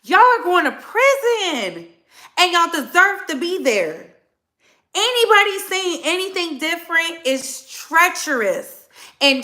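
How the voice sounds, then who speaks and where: A woman with a high, bright voice delivers a heated commentary monologue. She speaks bluntly and hammers her points home by repeating phrases. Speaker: commentary channel host.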